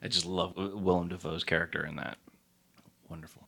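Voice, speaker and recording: A man co-hosting a casual podcast and minding the sound levels, relaxed and agreeable, on a desk mic. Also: sits low, brisk, vocal fry, husky. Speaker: podcast co-host running the sound board. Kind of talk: casual chat.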